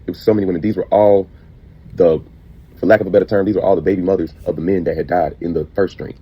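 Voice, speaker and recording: A man's voice: low-pitched, steady tone, fast talker, husky, lo-fi sound. A man earnestly recounting a dream as a testimony.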